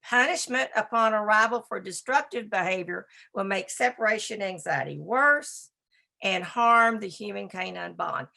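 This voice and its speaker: A woman giving a presentation on dog behavior, talking in a brisk, emphatic and conversational way. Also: medium pitch, vocal fry, bright, forceful tone. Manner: talks to a slide assistant. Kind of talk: presentation lecture.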